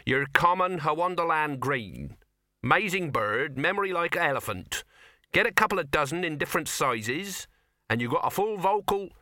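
A man voicing a male cameraman who speaks flatly and matter-of-factly. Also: a little high, normal speed, no echo, studio quality, voice pushed up. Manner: flat, matter-of-fact. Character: flat-voiced male cameraman, technical.

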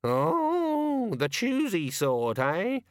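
Man putting on a high nosy landlady voice, brusque, suspicious, dry close sound. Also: very animated, unhurried, a bit bright, no room sound, heavily acted. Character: sharp-tongued suspicious woman landlady.

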